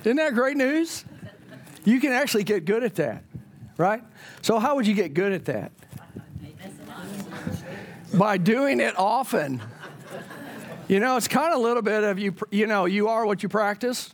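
A man's voice: high-pitched, moderate pace, long pauses. A man, a pastor, leading a church Bible class in a conversational way, often putting questions to the group.

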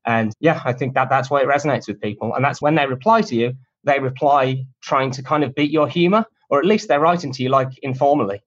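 A man answers interview questions in a relaxed, chatty way, with cheeky self-deprecating humor. His voice sits at a medium pitch. The recording sounds dull and lo-fi. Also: fast talker, few pauses. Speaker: guest, cold email marketer. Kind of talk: casual conversational interview answers.

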